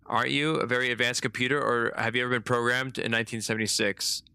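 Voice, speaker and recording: A man's voice: mid-range voice, flat delivery, quick pace, creaky, pushed and bright, smooth, dry recording. A man voicing a small, determined robot in a game, reading its lines in an earnest, insistent manner.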